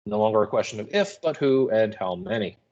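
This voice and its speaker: A man's voice: on the low side, lively intonation, darkish tone, lo-fi sound. A male student giving informal, explanatory commentary on a play he reads aloud for class. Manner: informal, explanatory, quick asides. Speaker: student reader. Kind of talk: casual literary commentary.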